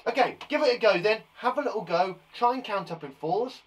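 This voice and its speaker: A man's voice: sits high, expressive, brisk, rough recording. A man from England teaching a live online maths lesson to young children, counting aloud and encouraging them with chatty asides. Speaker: primary school teacher.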